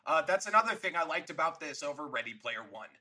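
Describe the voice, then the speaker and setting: A man's voice: a little high, lively intonation, fast talker, sharp tone, breathy edge, low-quality recording. A man co-hosting a podcast, chatting casually about a movie and laughing easily. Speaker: podcast co-host.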